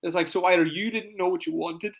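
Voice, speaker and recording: A man's voice: steady tone, gravelly. A man, a fitness coach hosting a casual podcast, talking emphatically and leaning on "it's like" again and again. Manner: rapid, emphatic, repeats "it's like" constantly; acts out clients in high voices.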